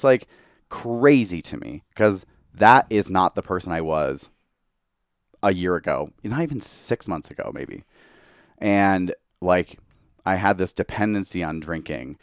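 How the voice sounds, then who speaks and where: Deep-voiced tipsy young man, candid. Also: animated, a little slow, clear, resonant tone, no echo, studio quality. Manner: candid, heavy use of "like". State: tipsy from tequila. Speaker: podcast guest. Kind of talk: casual chat.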